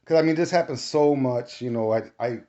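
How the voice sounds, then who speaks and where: A man giving a casual testimony, animated and rising to shouts when he quotes himself. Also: mid-range voice, fairly quick. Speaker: storyteller recounting a spiritual experience. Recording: dull lo-fi recording.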